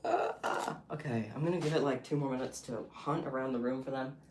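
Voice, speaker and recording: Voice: medium pitch, fairly quick, a little mellow, a little hiss or hum. A livestreamer chatting casually with viewers while making beaded bracelets, playful and giggly, with plenty of self-mocking banter. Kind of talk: casual live-stream chat with viewers.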